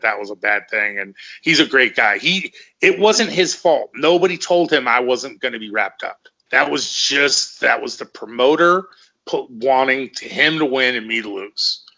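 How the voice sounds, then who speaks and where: A man's voice: mid-range voice, bright, forceful tone, dull audio. A middle-aged man, a former fighter, telling rambling, profane stories in casual conversation and often repeating himself.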